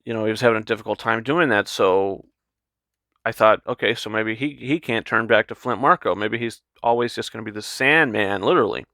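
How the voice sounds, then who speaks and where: A man's voice: lowish voice, brisk, gravelly, pushed and bright, no room sound, studio quality. A man giving a casual, enthusiastic spoken film review, rambling with lots of fillers and restarts. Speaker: movie reviewer.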